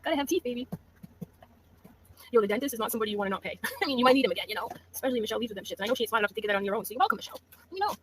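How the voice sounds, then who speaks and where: A woman's voice: a little high, expressive, very fast, a little hiss or hum. A woman hosting a gossip livestream, talking casually and mockingly with laughs. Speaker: livestream host.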